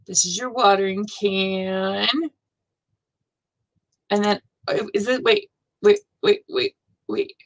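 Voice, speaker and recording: A woman's voice: mid-range voice, fairly bright tone, rough recording. A woman hosting a casual live stream, thinking aloud and gushing with frequent exclamations. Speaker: host of a live stitching show.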